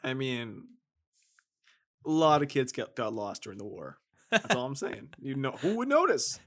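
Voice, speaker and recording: A man co-hosting a casual movie podcast, with an average-pitched, plain voice. He chimes in with dry, deadpan jokes and teasing asides. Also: moderate pace. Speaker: podcast co-host. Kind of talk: casual chat.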